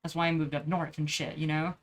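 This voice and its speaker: A young adult vlogger chats casually while drawing, rambling, swearing a lot, and restarting often. The voice is mid-range and fast, with a flat delivery.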